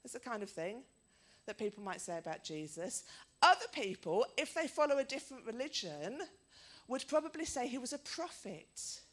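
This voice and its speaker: Woman preacher, middle-aged, chatty storytelling, animated voice, fairly high. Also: moderate pace. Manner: chatty storytelling, asking the listeners questions. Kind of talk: sermon.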